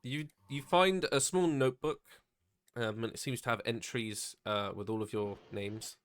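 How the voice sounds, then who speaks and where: A man's voice: medium pitch, normal speed, slight background noise. A man narrating as dungeon master, hesitant and full of ums, describing the action. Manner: hesitant, many ums, laughs often. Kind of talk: narrating a tabletop game.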